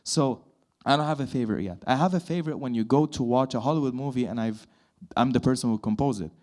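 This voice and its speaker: A man's voice: medium pitch, fast. A man of thirty, a voice-over artist and composer, talking at a fireside chat and acting out dialogue in his stories. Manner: animated storyteller, acts out dialogue. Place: event hall with live audience.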